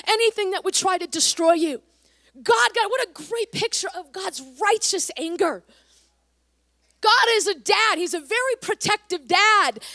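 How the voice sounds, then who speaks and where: A woman pastor from Canada preaching a sermon, energetic and emphatic, reading scripture slowly and dramatically. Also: very high voice, no room sound, clean studio sound.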